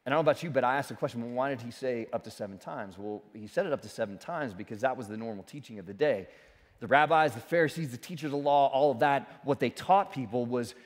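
A man preaching a sermon as pastor, speaking with animated emphasis and joking asides. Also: fairly high pitch, quick pace. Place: church sanctuary. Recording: church sanctuary with long reverb.

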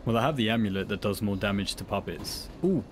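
Lower-voiced man joking through gameplay. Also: quick pace, a little hiss or hum. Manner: joking, jumps into high-pitched excited yelps. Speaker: gameplay commentator. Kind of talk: casual let's-play commentary.

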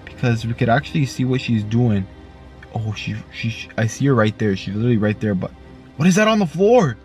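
A man giving excited vlog commentary from inside a car, repeating himself with constant exclamations. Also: mid-range voice, moderate pace, soft background music. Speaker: YouTuber.

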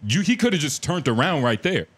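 A man's voice: on the high side, fairly quick, slightly rough. A man on a casual podcast telling a story with lots of energy, acting out the voices of the people in it. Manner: animated, acts out quotes, interrupts to correct. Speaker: podcast co-host.

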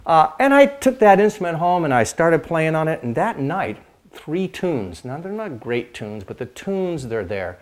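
An older man, a show host, looks back on how he got started in music, speaking at an ordinary middle pitch. He meanders, repeats himself and restarts his sentences, and now and then breaks off to strum a few chords on his instrument. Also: lively intonation, fairly quick. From Pacific Northwest, United States. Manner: rambling, with frequent restarts and fillers; demonstrates chords while talking. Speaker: host and dulcimer player. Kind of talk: casual reminiscing monologue.

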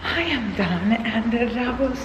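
A woman's voice: a little high, lively intonation, slow, lo-fi sound, noisy background. A woman vlogging casually from inside her car, chatty and rambling with lots of fillers, a bit out of breath, recorded on a phone. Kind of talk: casual vlog chat.

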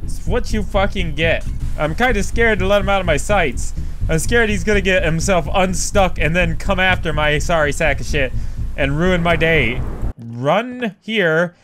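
A man doing let's play commentary, loud and profane, yelping and laughing as he plays. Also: high-pitched, measured pace, music in the background. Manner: loud, profane, yelps and laughs while playing. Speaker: gaming YouTuber. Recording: faint background noise.

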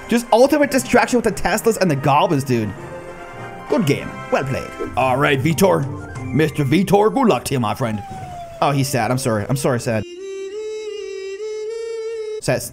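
A young man giving excited live commentary on his own gameplay, talking to his cards and his viewers and calling himself a nub. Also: a little high, normal speed. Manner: excitable, talks to the cards and the viewers, self-mocking. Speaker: gaming YouTuber. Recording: faint music bed behind the voice.

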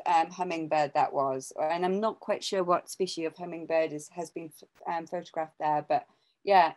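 A woman's voice: fairly low pitch, a little mellow, poor audio. An English woman co-hosting an art podcast, chatting casually, rambling with many restarts and small laughs. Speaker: podcast co-host and artist. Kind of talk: casual chat.

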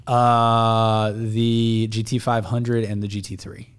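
A man as a podcast guest chatting casually, offhand, often trailing off quietly. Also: fairly low pitch, level tone, slow, clear, resonant tone.

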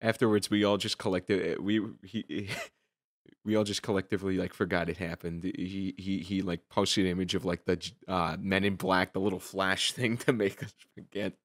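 A man's voice: low voice, level tone, normal speed, dry recording, clean studio sound. A young man hosting a casual podcast, telling rambling stories full of fillers and restarts. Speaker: podcast host.

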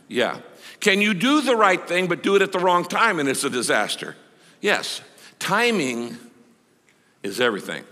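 A man's voice: fairly high pitch, bright, forceful tone. Older man preaching in a reverberant hall. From United States. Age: 60s. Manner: conversational, with drawn-out emphatic phrases. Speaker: pastor. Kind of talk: sermon. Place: large church auditorium.

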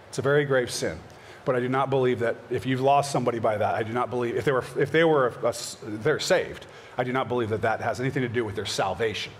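A man pastor answering questions from his congregation in an earnest, conversational way. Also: a little hiss or hum. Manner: earnest, conversational, acts out short prayers in a higher voice. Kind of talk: church Q&A session.

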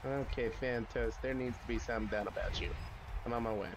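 A man giving casual, excitable gameplay commentary, swearing and making sound effects as he plays. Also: mid-range voice, fast talker, background noise.

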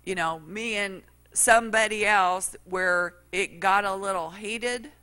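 A woman's voice: mid-range voice, a little slow, bright, forceful tone. A middle-aged woman preaching a sermon, telling folksy stories and acting out what people said. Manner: folksy storytelling, acts out quotes.

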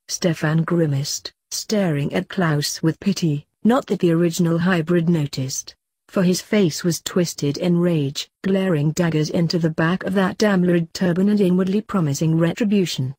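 A woman reading fanfiction aloud in a steady storytelling voice. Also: lowish voice, moderate pace, husky, no room sound. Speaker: fanfiction reader.

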